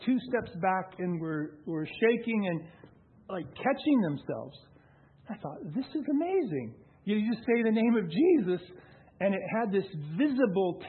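A man telling a personal testimony story in a conversational way, with halting restarts. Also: sits high, slightly rough. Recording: tinny phone-like sound.

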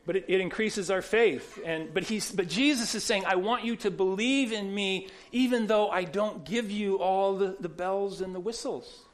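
A man's voice: high-pitched, moderate pace, hardly any pauses. A man pastor preaching a sermon, telling stories conversationally with many restarts and repeated words.

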